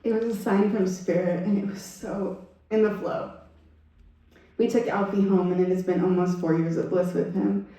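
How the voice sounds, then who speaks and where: A woman's voice: mid-range voice, normal speed, far from the mic. Woman telling a story in an echoey hall. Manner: animated storyteller, acts out quotes with laughter. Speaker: guest speaker. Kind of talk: storytelling talk at a Sunday service.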